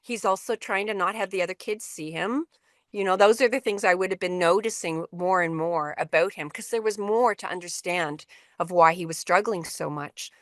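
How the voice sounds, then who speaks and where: A woman's voice: on the low side, normal speed, no echo, clean studio sound. A middle-aged woman presenting a workshop on a video call, telling a story to educators in a conversational way, with frequent restarts and fillers.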